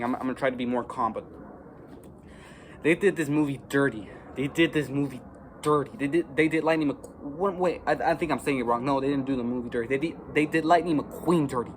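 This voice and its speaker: A teenage boy ranting to camera as an amateur movie reviewer, rambling with many fillers and restarts and swinging into loud frustrated outbursts. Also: medium pitch, fairly quick, pauses often, slight background noise. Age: teens. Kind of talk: casual rant to camera.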